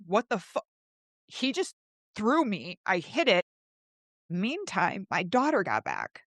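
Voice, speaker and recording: A woman's voice: huge pitch swings, slow pace, fairly bright tone, no room sound. Woman telling a raw personal story. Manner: emotional, swearing, reenacts her own pleas in a higher voice. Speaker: host.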